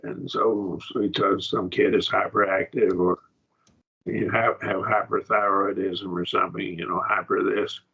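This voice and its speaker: Male teacher, low husky voice, patient classroom explainer, lo-fi recording. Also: little pitch movement, normal speed, pushed and bright. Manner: patient, explaining step by step with frequent checks. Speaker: Greek grammar teacher. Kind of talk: classroom lesson.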